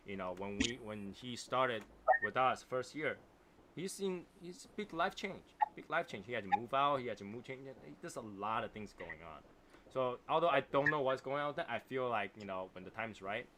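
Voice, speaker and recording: In a mid-range voice over some background noise, a cigar livestream host with a non-native English accent reads out viewer comments. He reflects and rambles casually, repeating himself and frequently tacking on "right?".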